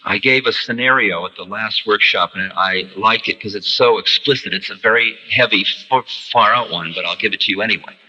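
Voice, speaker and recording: A man giving a spiritual lecture, an animated storyteller who acts out the voices he quotes. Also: on the low side, brisk, few pauses, highs cut off. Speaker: spiritual teacher. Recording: reverberant lecture hall, archival tape.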